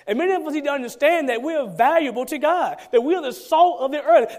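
A man's voice: extremely high pitch, quick pace, hardly any pauses. A man, a pastor, preaching a sermon with emphatic repetition and rhetorical questions.

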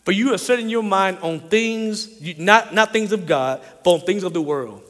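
A man voicing Jesus as a calm, grave male teacher, speaking low, quiet and measured. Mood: stern. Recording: long hall reverb.

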